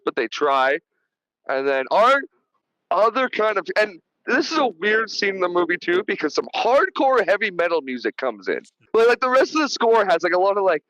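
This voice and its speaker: A man's voice: sits high, fairly bright tone, dry recording, lo-fi sound. Host, male, dry close sound. Chatty, profane, rambling scene recaps. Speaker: podcast host. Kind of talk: casual movie review chat.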